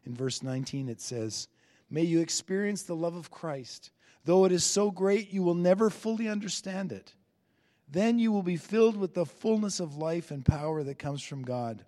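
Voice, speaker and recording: A man preaching a sermon earnestly, lifting his voice on key phrases and easing into soft endings. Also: fairly high pitch, moderate pace, big-room sound. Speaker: pastor.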